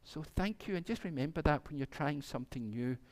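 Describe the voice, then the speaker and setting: A minister tells a children's story in a church service, his voice rising and falling a great deal. He sits slightly high in pitch for a man and plays up the animals' lines with relish. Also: animated, a little fast, a little mellow.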